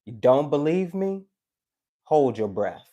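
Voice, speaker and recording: A man's voice: a little high, slow, lo-fi sound. A man giving a tarot live stream, talking casually and animatedly to his chat, preachy and joking. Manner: animated, preachy and joking, with teasing asides to viewers.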